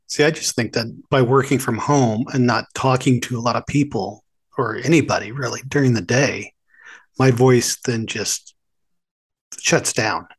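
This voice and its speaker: A man's voice: mid-range voice, normal speed, husky. A man co-hosting a podcast in casual chat, easygoing and prone to tangents. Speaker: podcast co-host.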